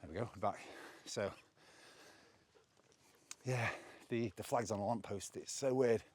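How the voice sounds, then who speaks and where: A man's voice: on the low side, measured pace, a little mellow, husky. An English man vlogging outdoors while walking up hills, a little out of breath, chatting casually and opinionated from a handheld camera on a stick. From England. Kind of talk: casual walking vlog monologue.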